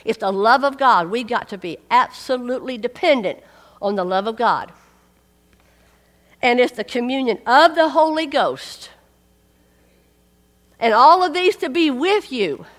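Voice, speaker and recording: A woman's voice: a little high, expressive, a little slow, pauses often. A woman preaching a sermon, emphatic and repeating key phrases for weight. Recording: long hall reverb.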